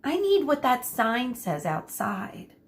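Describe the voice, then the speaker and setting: A woman voicing a frustrated young girl who pleads in a plaintive, high voice. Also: sing-song, slow pace, slight background noise, heavily acted.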